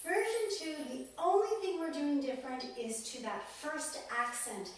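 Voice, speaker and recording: A woman teaching a belly dance lesson, calmly counting out the beats as she demonstrates, recorded in a dance studio on a camera mic set far off. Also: sits high, normal speed. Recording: echoey room, mic far off, faint noise.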